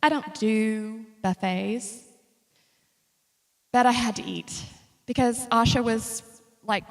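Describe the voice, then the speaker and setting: A woman with a slightly high voice tells chatty, funny stories about her travel photos. Her voice carries a long reverb from the large hall she speaks in. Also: takes it slowly. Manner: chatty and humorous, lively storytelling. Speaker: speaker presenting travel slides. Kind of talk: casual slideshow talk to an audience.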